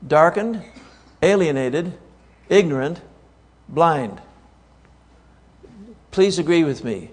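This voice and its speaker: A man's voice: fairly high pitch, big pitch swings, very slow, long pauses, a little mellow, breathy edge. Emphatic male preacher in a reverberant hall. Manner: emphatic, repeats key words, asks the audience rhetorical questions. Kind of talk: sermon.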